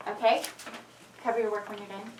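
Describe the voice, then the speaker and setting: A woman teacher leading a phonics lesson in a classroom, drilling words slowly and clearly. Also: mid-range voice, fairly even intonation, a little mellow, slight background noise. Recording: echoey room from a distance.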